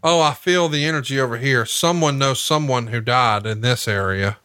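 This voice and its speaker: A man's voice: medium pitch, moderate pace, sharp tone, clear, resonant tone, no room sound, lightly acted. A man putting on a fake female stage psychic who coaxes a crowd with vague hints. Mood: coaxing. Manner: coaxing, vague.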